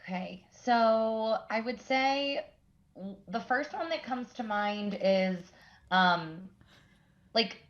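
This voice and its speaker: A woman's voice: on the high side, lively intonation, slow. A woman instructional coach co-hosting a podcast who speaks thoughtfully and sometimes hesitates at the start. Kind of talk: casual podcast chat. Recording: dull lo-fi audio.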